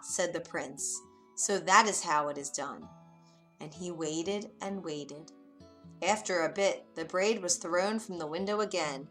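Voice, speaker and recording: A woman gently narrating a bedtime story for children. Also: lowish voice. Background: faint soft music.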